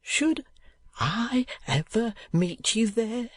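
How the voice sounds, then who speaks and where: A man's voice: extremely high pitch, big pitch swings, drawn-out words, breathy edge, no room sound, voice pushed up, heavily acted. A man voicing a timid, tearful, downtrodden young man of nineteen who pleads in a breaking half-whisper. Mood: pleading.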